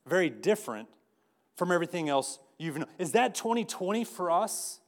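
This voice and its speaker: Man, pastor, conversational sermon, slightly high voice, frequent restarts and repeats. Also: very animated, moderate pace. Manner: conversational preaching with many restarts and repeated words.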